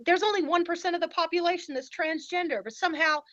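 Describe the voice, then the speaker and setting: High-voiced, emphatic woman guest. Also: fast talker, a bit bright, no echo, lo-fi sound. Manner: emphatic and indignant. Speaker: podcast guest. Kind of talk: casual podcast conversation.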